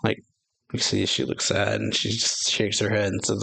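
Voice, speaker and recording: A man's voice: on the low side, monotone, normal speed, creaky, sharp tone, breathy edge, dry recording. A man hosting a manga reaction channel, reading a chapter aloud in a loose, rambling way full of fillers, with casual commentary. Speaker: YouTube manga reaction host.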